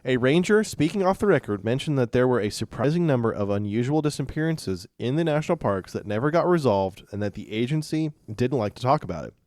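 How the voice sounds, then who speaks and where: A man hosting a podcast, chatting casually and walking through a story with halting restarts and fillers. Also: medium pitch, animated, darkish tone, no room sound, clean studio sound. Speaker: podcast host presenting stories. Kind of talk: casual chat and story rundown.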